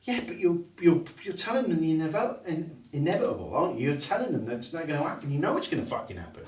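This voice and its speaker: A man training students in hypnosis, talking bluntly with plenty of swearing and dropping into slow hypnotic suggestions to demonstrate. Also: on the high side, big pitch swings, a little mellow. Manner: blunt and heavily profane. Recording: roomy room, distant mic, faint noise.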